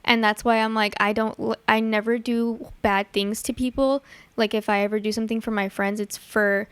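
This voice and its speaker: A woman's voice: on the high side, little pitch movement, moderate pace, fairly bright tone, smooth, no room sound. A young woman from the Chicago area telling stories as a podcast guest, chatty, full of likes and ums. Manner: chatty, lots of likes and ums, acts out her dad's lines. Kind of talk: casual storytelling chat.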